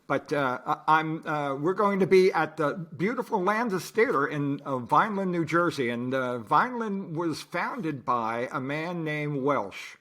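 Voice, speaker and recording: A man's voice: fairly high pitch, expressive, measured pace, hardly any pauses, a bit bright. A man co-hosting a podcast from a home studio, chatting casually and explaining things with asides. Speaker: podcast co-host, parody band musician. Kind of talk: casual chat.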